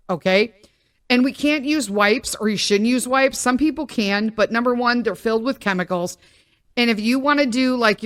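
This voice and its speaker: A middle-aged woman hosting a podcast, telling a story in a rambling, animated way full of tangents. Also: medium pitch, dry recording, clean studio sound. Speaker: podcast host. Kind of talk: casual storytelling monologue.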